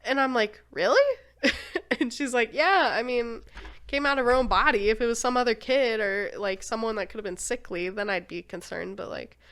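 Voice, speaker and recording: A woman's voice: on the high side, normal speed, a bit bright. A young woman hosting a podcast, telling a story in casual chat, laughing often. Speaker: podcast host.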